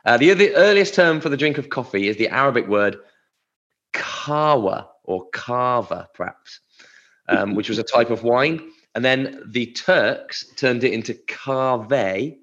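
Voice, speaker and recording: A man's voice: mid-range voice, animated, normal speed, fairly bright tone, highs cut off. A man co-hosting a podcast, chatting casually and rambling through word origins. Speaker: podcast co-host. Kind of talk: casual chat.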